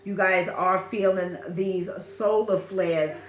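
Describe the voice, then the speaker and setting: A woman's voice: mid-range voice, fairly even intonation, slow, reverberant, faint music behind. A woman from Brooklyn with a Brooklyn accent, giving a channeled spiritual reading in a repetitive, affirming, emphatic way. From Brooklyn, New York. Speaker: spiritual reader.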